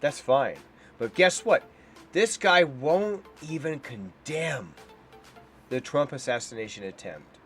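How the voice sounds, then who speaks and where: A man's voice: mid-range voice, expressive, slow pace, fairly bright tone, soft background music. A man giving heated, scornful reaction commentary on a debate clip. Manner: indignant, heated and scornful, ranting. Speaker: political commentator.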